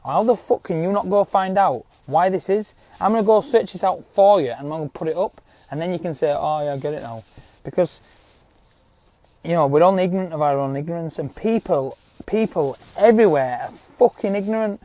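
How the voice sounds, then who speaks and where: A man with speech talks in a rambling, insistent rant, packed with swearing and a habit of tagging "yeah?" onto his points. His voice sits a little high, yet it sounds dark and mellow. He addresses his viewers directly and casually. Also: a little fast.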